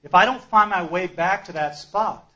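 A man giving a personal testimony at a recovery meeting, an emphatic storyteller who swings between loud outbursts and hushed asides. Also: sits high, moderate pace, lo-fi sound.

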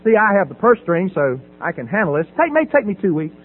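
A middle-aged man giving a personal testimony at a recovery meeting podium, dramatic, swinging from loud emphasis to hushed quiet. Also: high voice, very animated, fairly quick, phone-quality sound, faint music behind. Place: at a podium before an audience. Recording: phone-thin audio with faint hum.

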